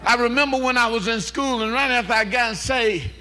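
A male pastor preaching a fervent call-and-response sermon in a church, rising to shouts. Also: very high-pitched, fairly quick. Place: church sanctuary. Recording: live church service with organ music behind.

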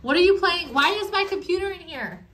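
High, lively exasperated mom on video. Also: female voice, fairly quick, noisy background. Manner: exasperated, talks to the camera. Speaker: parent filming family skits. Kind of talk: family vlog skit, scolding a child. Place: family home.

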